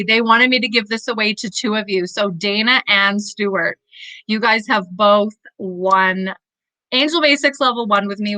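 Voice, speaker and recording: Effusive woman host, bright voice, dry close sound, casual live chat. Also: mid-range voice, no room sound, low-quality recording. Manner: effusive, gushing, laughs often. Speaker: livestream host and spiritual coach.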